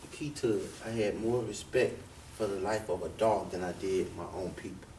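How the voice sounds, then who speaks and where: A man's voice: low voice, moderate pace, dark tone. A man answering interview questions in an earnest, reflective way. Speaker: interviewee, former gang leader. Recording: echoey room, distant mic, faint noise.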